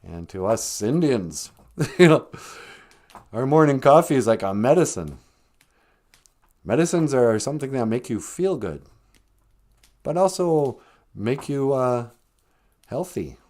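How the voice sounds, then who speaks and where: An older man hosts a relaxed live stream, spinning casual stories with frequent laughter. His voice swoops up and down with animated intonation, and he keeps things chatty and loose. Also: mid-range voice, unhurried, long pauses. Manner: chatty, laughs often, lively storytelling. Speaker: host.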